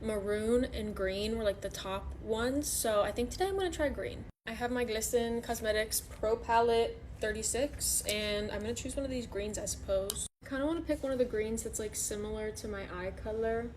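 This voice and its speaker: A woman's voice: on the high side, normal speed, hardly any pauses, a little mellow, slight background noise. A woman with a slightly sick voice chatting through a makeup tutorial as she works. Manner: chatty, self-narrating while working. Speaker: makeup vlogger.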